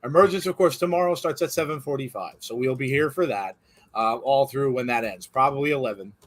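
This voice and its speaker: Hosting a live wrestling watch-along, this man speaks a little fast at a medium pitch. He rambles along casually and animatedly, often laughing as he goes.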